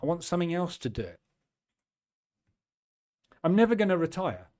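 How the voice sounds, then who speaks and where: A man in his fifties hosting a trading channel, talking in a chatty, self-deprecating way and acting out his own quick asides. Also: high-pitched, sing-song, darkish tone. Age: 50s. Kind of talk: casual chat.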